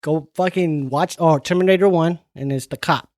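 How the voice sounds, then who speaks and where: Easygoing co-host, a man with a slightly high voice, cursing casually, dry close sound. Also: moderate pace, darkish tone, no echo. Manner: laid-back, profane, says "man" often. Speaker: podcast co-host. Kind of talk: casual chat.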